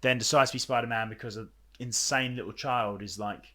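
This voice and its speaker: A young man co-hosting a casual film podcast, talking in an animated, rambling way with frequent fillers and restarts. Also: medium pitch, a little fast. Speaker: podcast co-host.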